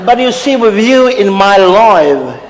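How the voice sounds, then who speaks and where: A man's voice: sits high, very animated, takes it slowly, exaggerated voice. A man playing a tipsy Samoan uncle crooning. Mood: crooning, flirty. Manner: syrupy, flowery flirting with grand romantic lines. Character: tipsy middle-aged Samoan uncle, smug self-styled ladies' man. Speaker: comedian in character. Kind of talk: live comedy character act. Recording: echoey hall with loud background noise.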